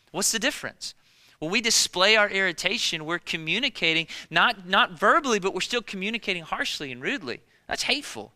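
A man's voice: high-pitched, sharp tone, clear, resonant tone. A young man preaching a sermon as a pastor in a church, talking in a conversational, emphatic way and repeating his points. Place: church auditorium. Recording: long hall reverb.

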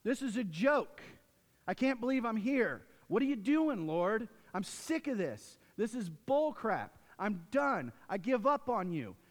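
A preacher putting on a fed-up prisoner ranting at God. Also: male voice, high-pitched, big pitch swings, unhurried, long reverb tail, voice pushed up. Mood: exasperated. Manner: indignant, complaining outburst. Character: exasperated imprisoned man railing at God.

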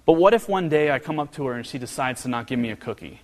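Man preaching in a reverberant hall. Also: fast. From American Midwest. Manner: earnest, storytelling with humor, pitch rising when animated. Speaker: pastor. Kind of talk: sermon.

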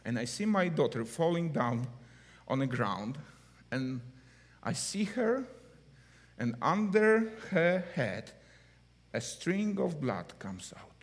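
Man preaching, slow and up and down a lot, long echo like a big hall. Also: a little high, sing-song. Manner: heartfelt, broken English, swings from hushed to loud. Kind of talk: sermon.

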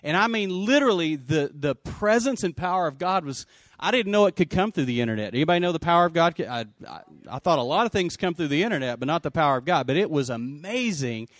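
A man pastoring a church service, energetic and joking as he calls people up to share. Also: a little high, quick pace, no echo, clean studio sound. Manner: energetic, joking, shouts out to the congregation. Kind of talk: sermon.

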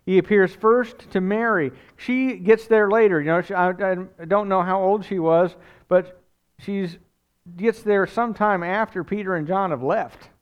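A man preaching a sermon as pastor, telling the story in a conversational, animated way with casual asides. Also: sits high, a little slow, clear, resonant tone, dull audio.

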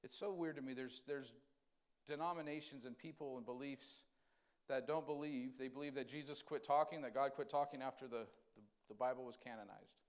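A man preaching a conversational sermon, asking the congregation questions and swinging between loud emphasis and quiet, tender lines. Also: medium pitch, steady tone, a little fast. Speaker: pastor.

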